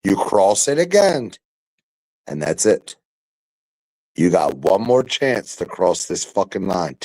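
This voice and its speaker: A young man in casual chat, ranting loudly and profanely about football. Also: low-pitched, very animated, takes it slowly, poor audio. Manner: loud, profane football rants. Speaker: podcast panelist.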